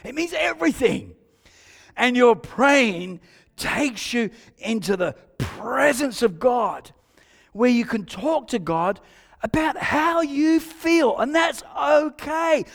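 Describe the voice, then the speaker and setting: A man with an Australian accent delivers an emphatic sermon as pastor, his voice pitched very high for a man. He hammers home repeated phrases, rising loud then dropping quiet. The church sound carries a long, lingering hall reverb. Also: expressive, takes it slowly, creaky. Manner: emphatic preaching with repeated phrases and swings between loud and hushed.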